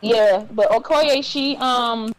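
A woman's voice: a little high, slow, dry recording, low-quality recording. A woman from Detroit co-hosting a casual podcast chat, talking in a rambling way with many ums and restarts. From Detroit, USA. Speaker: podcast co-host.

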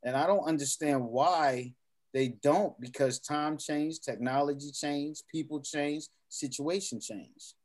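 A man's voice: a little high, measured pace, a little mellow. Emphatic man asking rhetorical questions. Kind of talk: casual group chat.

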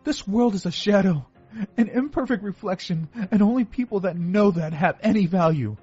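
A man voicing a furious young woman, a knife-wielding cultist, in a high, strained shriek. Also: expressive, normal speed, a little mellow, husky, dull audio, soft background music. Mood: fanatical.

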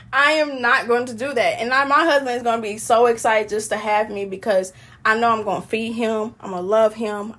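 A woman with a high, slightly breathy, fairly bright voice talks casually about her Christian faith, sharing her testimony. Joyful and a bit preachy, she laughs often and rambles from one thought to the next.

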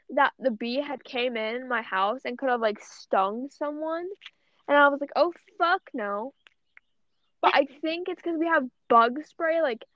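There's no room sound in this dull, lo-fi clip of a young woman co-hosting a podcast in a high voice. She chats casually and rambles, cursing often and saying "like" again and again.

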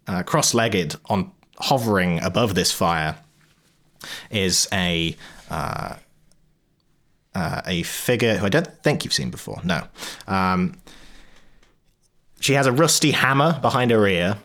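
A man narrating a tabletop game as game master, halting and full of ums as he describes the scene. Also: fairly low pitch, fairly bright tone.

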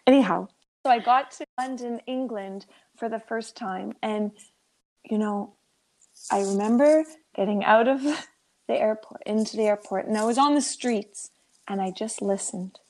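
A woman co-hosting a podcast, telling stories in casual chat and laughing often. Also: medium pitch. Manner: chatty, laughs often, animated storytelling. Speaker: podcast co-host.

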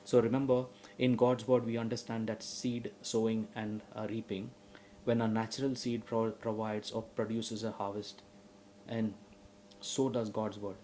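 A man preaching a sermon who asks his listeners questions and rises to loud, emphatic passages. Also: on the low side, flat delivery, a little slow, slight background noise, rough recording.

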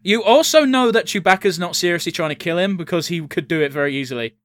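A man's voice: sits high, fast, a bit bright, no room sound, studio quality. A man chatting casually while watching a film, blunt and swearing freely. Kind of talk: casual chat reacting to a film.

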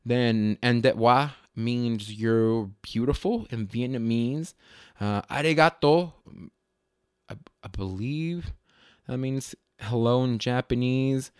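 A man from Las Vegas hosting a casual podcast, telling stories in a rambling, self-correcting way with sudden lively jumps in pitch. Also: takes it slowly, clean tone, no echo, studio quality. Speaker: podcast host. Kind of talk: casual solo podcast storytelling.

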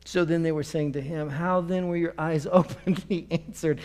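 A man preaching a lively sermon, acting out characters with playful energy. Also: on the high side, moderate pace, hardly any pauses. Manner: animated, playful, acts out voices and laughs. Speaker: pastor.

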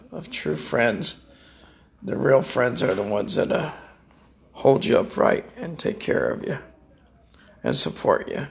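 A man's voice: medium pitch, creaky, a bit bright. A man chatting casually in a home vlog, rambling, heartfelt and joking. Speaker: vlogger. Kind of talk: casual chat.

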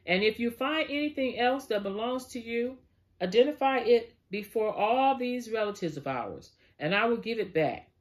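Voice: mid-range voice, animated, normal speed, pitched above the performer's own voice, close to an everyday voice. A Bible teacher reading the lines of a younger man who earnestly defends himself to his father-in-law.

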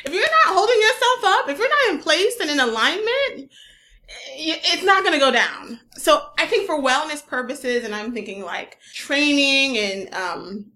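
A woman's voice: high voice, animated, moderate pace, pushed and bright. A woman interviewing in a casual chat, upbeat and full of "you know" fillers.

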